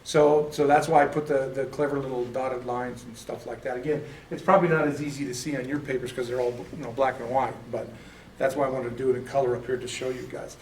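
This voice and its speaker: A man's voice: mid-range voice, little pitch movement, quick pace, a little mellow, a little hiss or hum. Folksy man teaching in an echoey room. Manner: folksy, self-correcting, chatty explanations. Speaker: Hebrew class teacher. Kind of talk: casual classroom lecture. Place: church classroom. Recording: echoey room, mic at a distance.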